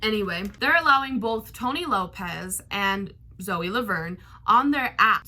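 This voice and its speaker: A woman's voice: mid-range voice, sharp tone. A woman hosting a commentary vlog, talking in a blunt, sarcastic tone and swearing freely. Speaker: commentary YouTuber.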